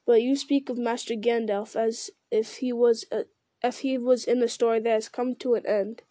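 An ancient, unhurried male tree giant from a storybook, pondering every word and humming to himself, read by a woman. The voice sits fairly high and mellow in a dry, close sound. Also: fairly even intonation, no room sound, lightly acted. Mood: musing. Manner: slow, deliberate, musing with hums. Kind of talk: reading a fantasy novel aloud.

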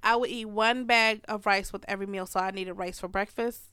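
A middle-aged woman telling a family story in casual conversation, animated and laughing often as she acts out what people said. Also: mid-range voice, brisk, smooth, dry recording.

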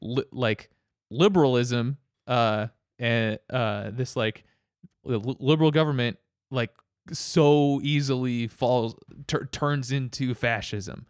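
A man chatting casually, rambling with halting restarts and laughing as he goes. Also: mid-range voice, clean tone, no echo, studio quality. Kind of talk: casual chat.

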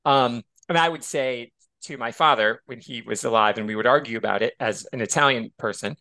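A man's voice: medium pitch, a little fast, vocal fry. An American man co-hosting a podcast, chatting casually and animatedly, often drifting into tangents. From United States. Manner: animated, digressive. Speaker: podcast co-host. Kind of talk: casual chat.

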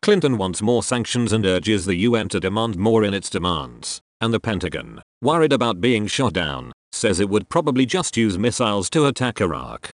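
A man voicing a malfunctioning robot reporter with a deadpan, sarcastic delivery. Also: lowish voice, normal speed, hardly any pauses, dry recording, clean studio sound. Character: unwell male robot reporter.

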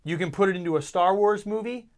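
A man co-hosting a casual podcast, talking in an animated way, teasing and laughing often. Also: sits high, fast. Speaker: podcast co-host.

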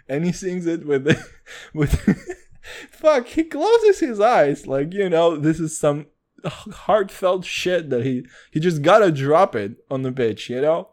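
A young man hosting a podcast, talking in a loose, excitable rush and swearing freely. His pitch leaps up and down all the time, and he keeps saying "dude". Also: takes it slowly. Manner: excitable, profane, says "dude" constantly. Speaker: podcast host. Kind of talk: casual chat.

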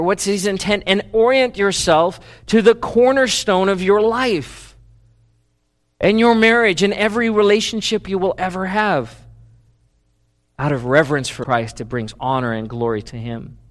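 A middle-aged man preaching with a fairly high voice. He is animated, pushing up loud and emphatic, then dropping low and hushed to press his point. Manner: animated preaching, shifting between loud emphatic lines and low quiet delivery. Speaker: pastor. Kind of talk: sermon.

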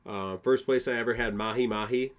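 A man's voice: medium pitch, fairly even intonation, fast talker. A young man from Wisconsin hosting a casual solo podcast, rambling and swearing a lot, laughing at his own jokes. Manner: profane, rambling, laughs often. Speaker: podcast host.

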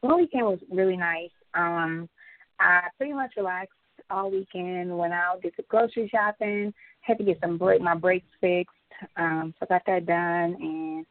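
A woman's voice: fairly low pitch, measured pace, dry recording, narrow, tinny audio. A pregnant woman co-hosting a podcast, telling a story in casual chat and swearing freely. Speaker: podcast co-host.

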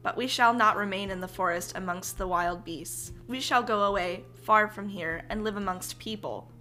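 A woman's voice: medium pitch, normal speed, sharp tone, close to an everyday voice. A woman voicing a loyal magical winged horse who speaks formally and reassures his master. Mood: reassuring.

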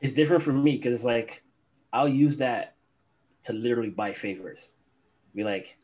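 A man's voice: lowish voice, fairly even intonation, a little fast, darkish tone, slight background noise. A man in casual chat who laughs a lot and acts out what coworkers say. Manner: laughs often, acts out quotes.

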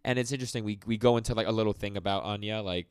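A podcast co-host with a lowish, clean-toned voice talks rapid-fire on a dry recording. In casual chat he rambles through a recap of an anime episode, using lots of fillers and acting out the characters' lines.

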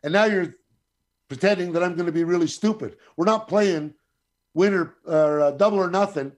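A middle-aged man with a slightly high voice tells a rambling story in a loose, conversational way. He swears freely and slips into the voices of the people he quotes. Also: normal speed. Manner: profane, animated, acts out quoted voices. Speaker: guest storyteller. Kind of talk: casual anecdote telling.

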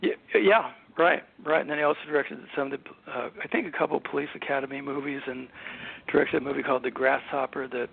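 An older man with a gravelly, husky voice recalls his sitcom days in an easygoing, rambling way. His talk is full of ums and you-knows. The sound is thin and phone-like. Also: mid-range voice, quick pace. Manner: relaxed anecdotal, many ums and you-knows. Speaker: sitcom writer and producer, guest. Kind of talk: casual interview storytelling. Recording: phone-like narrow audio.

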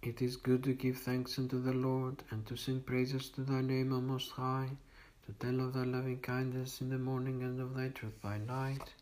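A man reading liturgical morning prayers aloud in a steady, measured recitation. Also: mid-range voice, a little hiss or hum, rough recording. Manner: steady monotone recitation on one note. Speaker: liturgical reader.

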